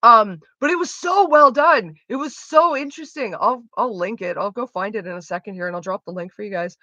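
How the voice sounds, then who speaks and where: Motor-mouthed woman streamer, bright voice. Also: mid-range voice, expressive, no echo, dull audio. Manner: fast rambling talker, swears freely. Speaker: streamer chatting with viewers. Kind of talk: casual chat.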